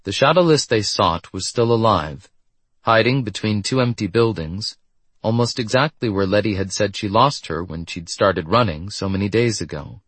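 A man with a husky voice reading a story in steady scripted narration. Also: on the low side, moderate pace, no echo.

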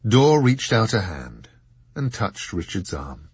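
Low husky male audiobook narrator. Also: very animated, slow, darkish tone, no echo. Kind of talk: scripted narration.

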